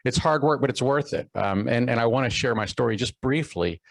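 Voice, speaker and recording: A man's voice: medium pitch, fairly quick, creaky, dry recording, poor audio. A middle-aged man from Texas giving a keynote talk, telling a personal story with many fillers and restarts. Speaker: keynote speaker.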